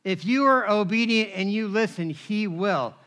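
Bright high-voiced male preacher. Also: normal speed. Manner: animated, conversational, asks the crowd for responses. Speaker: pastor. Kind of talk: sermon with personal stories.

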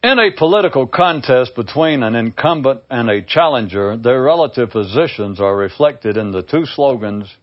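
A man's voice: medium pitch, animated, moderate pace, hardly any pauses, dull audio. A man giving an informal spiritual talk, reading parables aloud with wry, self-mocking asides. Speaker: spiritual teacher.

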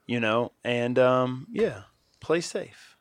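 A man's voice: medium pitch, lively intonation, takes it slowly, clean tone, no echo, studio quality. A man co-hosting a podcast, talking steadily and earnestly in a casual chat. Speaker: podcast co-host.

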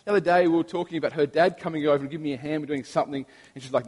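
A man's voice: fairly high pitch, fairly even intonation, racing, few pauses, darkish tone. A man in his thirties, a pastor, preaching a sermon in a chatty, storytelling way with frequent restarts. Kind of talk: sermon with prayer. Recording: long reverb of a large hall.

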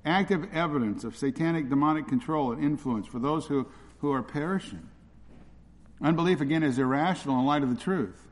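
A man's voice: on the high side, brisk. A man preaching an expository sermon, earnest and repeating his points for emphasis. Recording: long reverb of a large hall.

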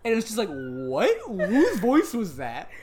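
A woman co-hosting a podcast, casually recapping a cartoon episode with profane, deadpan jokes and lively retelling. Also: medium pitch, measured pace. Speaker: podcast co-host.

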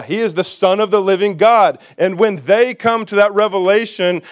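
A man's voice: high-pitched, clean tone. A man preaching a sermon to his congregation as pastor, emphatic and repetitive, putting questions to the listeners. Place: church sanctuary.

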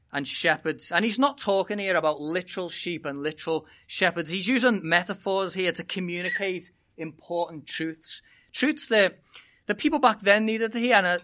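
A British-accented preacher delivers a sermon to a congregation, leading with a lively, humorous story. The voice is bright and crisp, with plenty of energy in the telling. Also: mid-range voice. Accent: British English. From Britain. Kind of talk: sermon with an opening personal story.

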